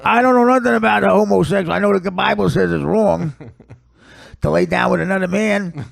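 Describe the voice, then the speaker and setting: An exasperated, blustering middle-aged father voiced by a man rants at the top of his lungs. The voice sits high and gravelly. He rambles from one complaint to the next in a loud, indignant tone. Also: a little fast.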